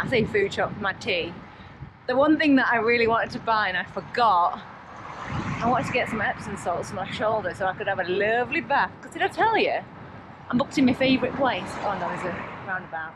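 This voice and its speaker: A woman's voice: a little high, expressive, moderate pace. A woman chatting casually to camera on a bike ride, bubbly and exclamatory. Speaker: cycling vlogger. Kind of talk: casual vlog chat to camera while cycling. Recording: outdoor road noise, music underneath.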